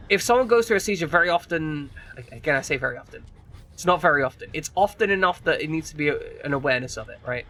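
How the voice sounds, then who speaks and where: Streamer guy, high bright voice, rambles and swears while gaming. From United Kingdom. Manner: rambling, swearing, frequent restarts. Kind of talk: casual chat while gaming.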